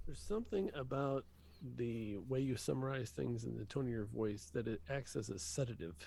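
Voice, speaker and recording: A man's voice: mid-range voice, normal speed, creaky, darkish tone. A man co-hosting a podcast, chatting in a laid-back way and chuckling often. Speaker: podcast co-host. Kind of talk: casual podcast chat.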